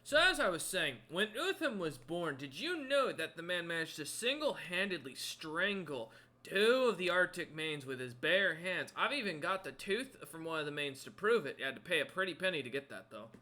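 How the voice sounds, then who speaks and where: A man voicing an excitable male guide who gushes about his hero in a tabletop game. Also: fairly high pitch, moderate pace, pitched above the performer's own voice. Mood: gushing. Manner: gushing, breathless hero worship.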